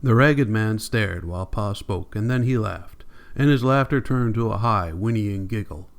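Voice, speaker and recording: A man narrating an audiobook with steady, measured storytelling. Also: lowish voice. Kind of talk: scripted narration.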